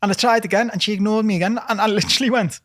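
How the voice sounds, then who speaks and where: A man chatting quickly and telling stories on a football podcast. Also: high voice, fairly even intonation, fairly bright tone, no echo. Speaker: podcast co-host. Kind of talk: casual chat.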